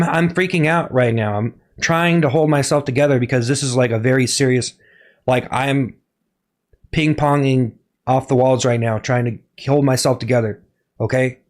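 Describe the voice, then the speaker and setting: A young man streaming to his chat, talking in a halting, over-earnest, mock-serious confession. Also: mid-range voice.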